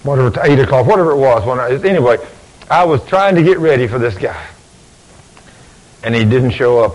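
A man's voice: mid-range voice, lively intonation, brisk, poor audio. A man preaching a sermon in a folksy storytelling way, acting out conversations. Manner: folksy, acts out both sides of conversations. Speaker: preacher and deacon.

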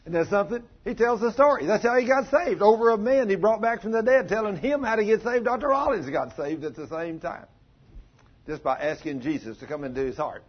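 A man preaching a sermon as a pastor, telling stories in a folksy way with dramatic pauses. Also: high-pitched. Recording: dull lo-fi recording.

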